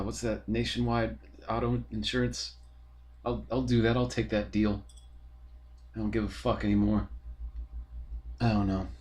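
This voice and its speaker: A young man, talking in a rambling, profane, casual monologue full of fillers as a podcast host. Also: fairly low pitch.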